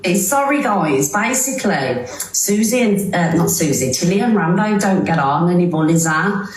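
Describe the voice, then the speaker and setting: A woman's voice: fairly low pitch, animated, normal speed, roomy sound. Woman talking far from the mic. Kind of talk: casual chat.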